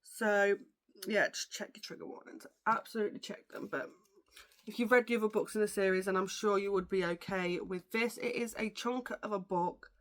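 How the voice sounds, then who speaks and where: A woman's voice: mid-range voice, steady tone, moderate pace. Chatty woman gushing about books. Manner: chatty and gushing, with frequent fillers. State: tired and yawning. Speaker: book vlogger. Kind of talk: casual chat about books.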